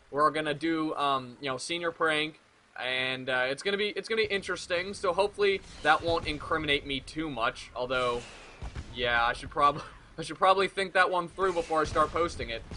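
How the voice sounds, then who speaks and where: A man's voice: fairly high pitch, bright, forceful tone, slight background noise. A young man in his late teens giving a rambling, profane, jokey commentary over gameplay. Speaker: gaming video commentator.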